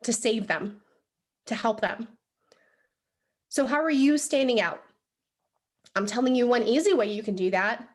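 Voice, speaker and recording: A young woman with a slightly high voice gives a lively motivational training talk to a group in a room. She is chatty and animated, peppering her speech with "like" and asking "right?" to keep the room with her. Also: a little slow, pauses often. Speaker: sales team trainer. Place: room with a live audience.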